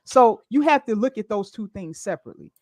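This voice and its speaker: A woman's voice: medium pitch, expressive, brisk. A woman co-hosting a casual opinion chat, talking emphatically and often adding okay. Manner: emphatic, frequent laughs and okays.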